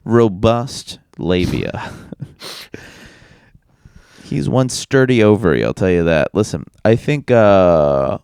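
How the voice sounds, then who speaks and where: A man's voice: on the low side, animated, a little mellow, clear, resonant tone, no echo, studio quality. A man co-hosting a podcast in crude, teasing casual comedic chat. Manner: crude, teasing, quick to laugh. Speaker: podcast co-host.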